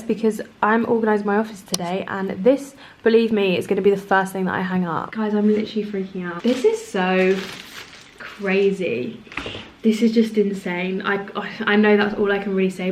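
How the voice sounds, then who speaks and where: A woman in her twenties vlogging casually to camera, chatty and excitable, now and then hushed and emotional. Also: medium pitch, a little hiss or hum. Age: 20s. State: has a headache. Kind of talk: casual vlog chat to camera. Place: home office room, indoors. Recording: echoey room.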